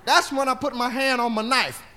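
Man, rowdy profane comic storyteller, very high voice, laughs through his lines. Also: fairly even intonation, a little fast, noisy background. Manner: rowdy, laughing as he talks, acting out the scene. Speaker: comedian.

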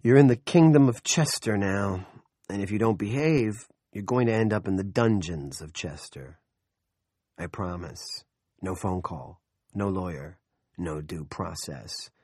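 A man's voice: deep voice, expressive, unhurried, darkish tone, dry recording, studio quality. A man voicing an impatient young male cop who lectures with exasperated profanity in an audiobook.

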